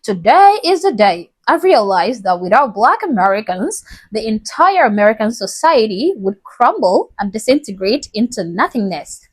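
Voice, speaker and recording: Mocking Southern woman, put on by a woman, drawn out, higher voice. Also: very animated, normal speed, slightly rough, no echo. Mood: mock-solemn.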